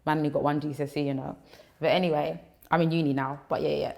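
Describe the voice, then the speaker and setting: Outspoken woman, low voice, bold and candid podcast guest. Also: flat delivery, creaky, a little mellow. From Ghana. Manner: bold, outspoken, quick asides. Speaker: guest speaker.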